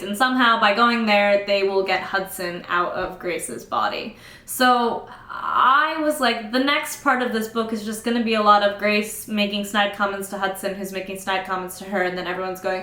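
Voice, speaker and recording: Young woman, sarcastic book recap, bright tense voice, echoey room. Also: medium pitch. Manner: sarcastic, exasperated, acts out characters in quick asides. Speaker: book reviewer.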